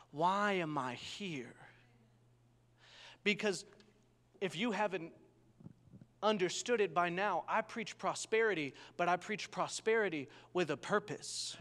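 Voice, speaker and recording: A young male pastor preaches in an animated storytelling style, often asking his listeners for an amen. His voice sits fairly high for a man. The sound carries a long reverb from a large church hall. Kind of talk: sermon.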